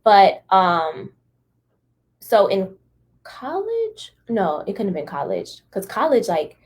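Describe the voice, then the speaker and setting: A woman's voice: medium pitch, takes it slowly, husky. A woman in her thirties co-hosting a podcast, telling stories in casual chat and acting out what people said, with many fillers. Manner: animated storyteller, acts out quotes, many fillers like "like". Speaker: podcast co-host.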